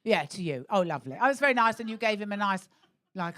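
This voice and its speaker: A woman's voice: medium pitch, lively intonation, fast, fairly bright tone. A middle-aged woman doing live stand-up in a comedy club, blunt and sweary, teasing audience members about their relationships. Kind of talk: live stand-up crowd work.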